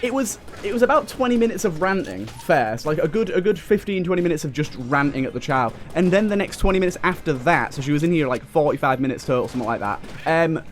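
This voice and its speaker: Chatty young British man, slightly high voice. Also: lively intonation, quick pace, hardly any pauses. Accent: British English. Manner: rambling, with frequent restarts and fillers. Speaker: let's play host. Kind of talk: casual storytelling over gameplay. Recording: faint game music behind the voice.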